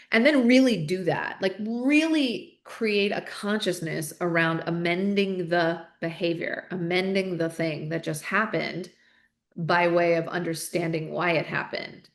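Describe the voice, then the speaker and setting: A woman's voice: on the low side, normal speed, reverberant. Earnest woman, candid podcast guest. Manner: repeats words as she restarts thoughts. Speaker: podcast guest, author and coach. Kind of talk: interview conversation.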